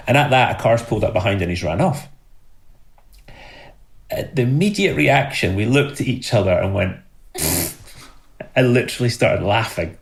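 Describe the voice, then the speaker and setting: A middle-aged Scottish man telling an animated story as a podcast guest, laughing as he goes. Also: medium pitch, normal speed, long pauses. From Scotland.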